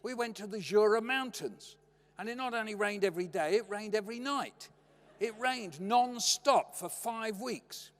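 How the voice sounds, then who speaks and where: A man's voice: high-pitched, moderate pace. An older man giving a storytelling lecture in a wry, anecdotal way, heard in a lecture hall. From Britain. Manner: wry, anecdotal, lively delivery. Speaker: lecturer, poet. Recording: long hall reverb.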